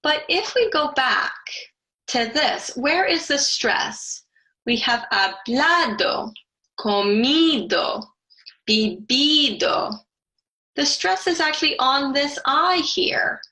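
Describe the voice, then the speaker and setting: A woman's voice: high-pitched, lively intonation, slow pace, pushed and bright, low-quality recording. A woman teaching a Spanish grammar lesson, explaining carefully and spelling out letters.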